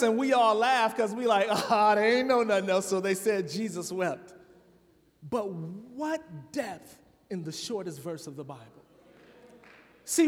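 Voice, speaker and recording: A man from Chicago preaching a sermon in a church, talking conversationally to the congregation and building to loud, emphatic peaks. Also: very high-pitched. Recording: long reverb of a large hall.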